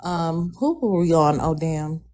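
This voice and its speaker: A woman's voice: low voice, animated, a little slow, a crowd in the background. A woman moderating an online debate panel, casual and a little hesitant as she calls on people.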